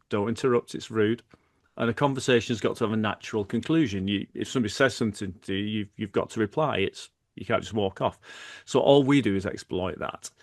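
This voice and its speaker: A man's voice: fairly low pitch, no room sound, clean studio sound. A middle-aged man, a podcast guest who explains his methods by acting out example dialogues. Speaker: guest, former hostage negotiator. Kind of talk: podcast interview.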